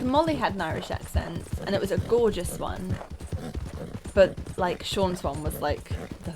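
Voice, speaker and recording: Over game music and clopping horse hooves, a let's play gamer rambles casually through her gameplay commentary. Her voice sits in the mid range, and the background is noisy.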